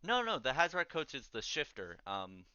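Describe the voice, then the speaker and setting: A man's voice: mid-range voice, huge pitch swings, moderate pace, pushed and bright, clear, resonant tone, dry recording, muffled recording. A man narrating a tabletop game as game master, casual and rambling with many fillers.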